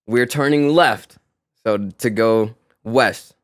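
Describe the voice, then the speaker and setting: A man co-hosting a podcast, telling a story in casual chat and acting out the people in it loudly. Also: mid-range voice, slow, no echo, studio quality. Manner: animated storyteller, acts out quotes loudly. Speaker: podcast co-host.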